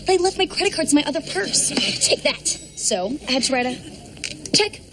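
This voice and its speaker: Gushing sitcom mom, high and lively voice, music underneath. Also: female voice, brisk. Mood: chatty. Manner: gushing, dramatic. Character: fretful doting mother in her thirties.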